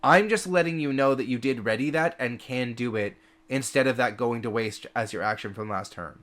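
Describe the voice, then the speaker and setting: A man's voice: mid-range voice, normal speed, a bit bright. A man running a tabletop game as game master, explaining rules and describing scenes playfully.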